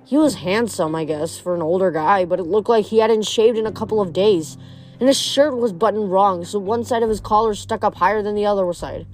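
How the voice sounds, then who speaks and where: A woman's voice: mid-range voice, fairly quick, soft background music. Woman reading a novel aloud. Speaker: reader. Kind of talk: audiobook narration.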